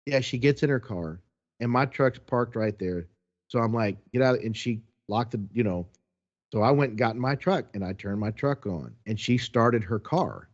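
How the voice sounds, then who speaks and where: A man co-hosting a podcast tells a long story in a casual, animated way. He slips into the voices of the people in it. His voice sits mid-range, and the recording is dull and lo-fi. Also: mid-range voice. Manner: animated, acts out quotes. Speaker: podcast co-host.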